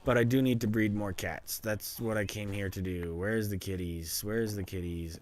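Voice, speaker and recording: A man's voice: lowish voice, normal speed, few pauses, a little mellow, a little hiss or hum. A man streaming himself playing a game, casually narrating what he does and chatting to the animals in it. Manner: rambling self-narration, chatting to pets. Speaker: livestreamer. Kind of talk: casual gameplay commentary.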